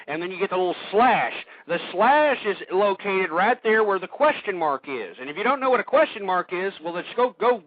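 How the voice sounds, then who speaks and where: A man hosting a radio show, ranting angrily and shouting insults at his listeners. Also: sits high, lively intonation, fairly quick, hardly any pauses, no echo, phone-quality sound. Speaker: radio host. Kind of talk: angry political rant.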